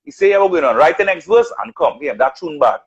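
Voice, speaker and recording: A man's voice: a little high, quick pace, husky, highs cut off. A man telling stories of his music career in casual chat, acting out what others said. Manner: animated storyteller, acts out quotes. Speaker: radio announcer and artist.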